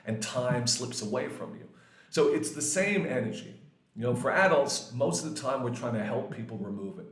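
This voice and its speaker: Lively, foul-mouthed man in his forties teaching. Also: medium pitch, fairly quick. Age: 40s. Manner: lively, swears often, acts out quoted voices. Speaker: English grammar teacher. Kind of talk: casual classroom explanation. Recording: echoey room.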